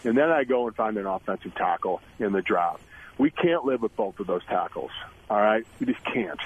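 A man's voice: on the low side, lively intonation, moderate pace, slightly rough. A man calling in as a guest on sports talk radio, making his points emphatically. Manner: emphatic, repeats himself while building a point. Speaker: guest, former football center. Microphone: phone call. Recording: tinny phone line.

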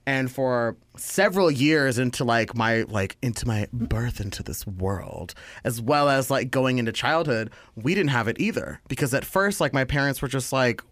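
Young man, mid-pitch, rambling storyteller, dry close sound. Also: animated, normal speed, hardly any pauses, a bit bright, no echo. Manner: rambling storyteller, many filler likes, acts out voices. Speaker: podcast co-host. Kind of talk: casual chat.

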